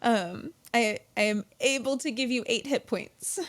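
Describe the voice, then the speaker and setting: A woman's voice: a little high, unhurried. Hesitant woman describing her turn. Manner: hesitant, many fillers. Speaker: player. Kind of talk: casual tabletop play.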